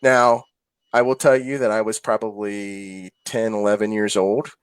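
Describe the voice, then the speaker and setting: A man's voice: fairly low pitch, level tone, a little slow, smooth, no room sound. A man co-hosting a casual chat, telling a personal story in an earnest, hesitant way. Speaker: podcast co-host. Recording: dry close sound.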